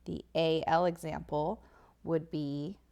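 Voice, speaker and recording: Slow, gravelly woman teaching phonics. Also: deep voice, level tone, dark tone. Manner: slow, patient, sounds words out. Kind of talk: phonics lesson over slides. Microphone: tablet whiteboard recording.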